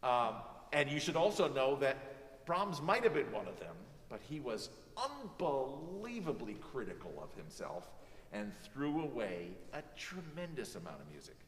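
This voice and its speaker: In an echoing hall, heard from a distance, an animated male teacher coaches a student during a music master class. His voice is mid-pitched and unhurried, and he sings phrases to demonstrate his points.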